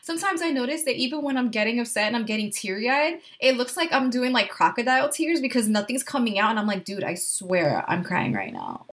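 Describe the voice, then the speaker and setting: A woman's voice: on the high side, fast, hardly any pauses, fairly bright tone. A woman co-hosting a podcast in casual chat, telling anxious stories and swearing freely. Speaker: podcast co-host.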